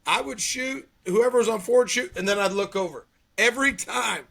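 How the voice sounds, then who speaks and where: A man's voice: sits high, normal speed, vocal fry. A middle-aged man telling stories in a casual chat, acting out what people said. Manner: animated storyteller, acts out quotes.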